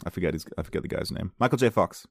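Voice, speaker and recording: A man's voice: deep voice, lively intonation, very fast, dry recording, studio quality. A man chatting casually to his viewers, rambling through a story, repeating words and laughing easily. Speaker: vlogger.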